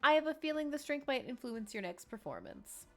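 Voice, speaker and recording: A woman's voice: high voice, huge pitch swings, fairly quick, fairly bright tone, faint music behind, pitched above the performer's own voice, heavily acted. A woman voicing a friendly tavern innkeeper in a game, speaking in a hospitable, lightly teasing way. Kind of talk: reading game dialogue aloud.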